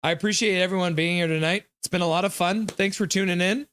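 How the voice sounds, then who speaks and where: A man's voice: high-pitched, fairly even intonation, fast, a bit bright, clean tone. A man hosting a casual live hockey stream, chatting and reading viewer comments aloud in a jokey, friendly way. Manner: chatty, jokey, reads chat aloud and thanks donors.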